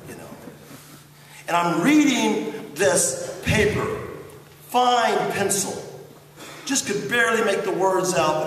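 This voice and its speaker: Middle-aged guy telling a story to students in a school chapel, highish voice, big echo, mic kinda far off. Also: slight background noise. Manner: animated storyteller, swings from hushed asides to shouts. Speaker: chapel speaker. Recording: roomy hall from far off.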